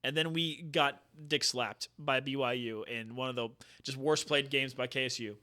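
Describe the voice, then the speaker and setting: A man co-hosting a casual sports podcast, joking loosely and reading out stats quickly. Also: medium pitch, fairly even intonation, sharp tone. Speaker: podcast co-host.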